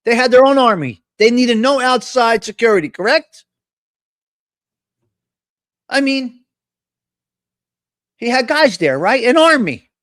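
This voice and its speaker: A man hosts a live chat stream. His voice sits high, and he rants excitably with plenty of profanity. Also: a little slow, long pauses. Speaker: host.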